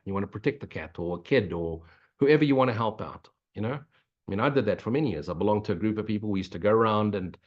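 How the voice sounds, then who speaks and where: An older man giving an earnest, preachy spiritual talk, answering questions and dropping in blunt swearing. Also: lowish voice. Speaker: spiritual teacher. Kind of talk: spiritual Q&A monologue. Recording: dull lo-fi recording.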